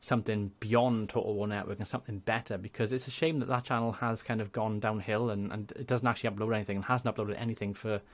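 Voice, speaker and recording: A young man with a Welsh accent, a gaming YouTuber chatting casually and rambling through channel shout-outs. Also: fairly low pitch, fairly even intonation, fast, hardly any pauses. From Wales. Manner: chatty, rambling, laughs often.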